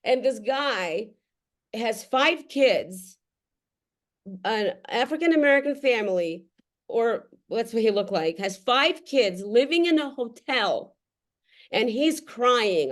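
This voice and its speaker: A middle-aged woman with a slightly high voice speaks straight into the camera at an unhurried pace. She is blunt and profane, sharing her thoughts with other parents and laughing between her phrases. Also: sing-song. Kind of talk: candid unscripted talk to camera. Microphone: camera facing her.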